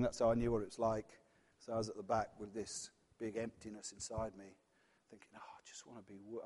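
A man preaching a sermon in a church, earnest and personal, dropping from loud passages to hushed ones. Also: mid-range voice, in a large hall.

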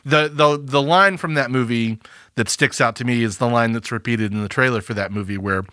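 Bright-voiced man in wry movie chat. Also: mid-range voice, dry recording, clean studio sound. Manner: halting, wry, frequent fillers. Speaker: podcast co-host. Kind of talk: casual film discussion.

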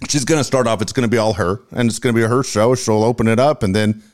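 A man's voice: fairly low pitch, fast talker. A man co-hosting a casual podcast, telling rambling, profane stories. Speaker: co-host.

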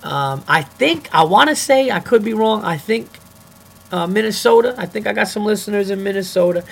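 Goofy rambling New man, higher voice. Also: lively intonation, moderate pace, gravelly. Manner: goofy, rambling, swearing freely. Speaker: comedian podcast host. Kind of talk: casual solo podcast monologue.

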